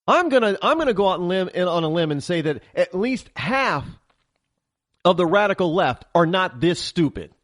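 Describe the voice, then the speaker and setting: A man's voice: high voice, very animated, normal speed, fairly bright tone, no room sound, clean studio sound. A man hosting a political talk show, ranting heatedly in a monologue and often stammering and restarting.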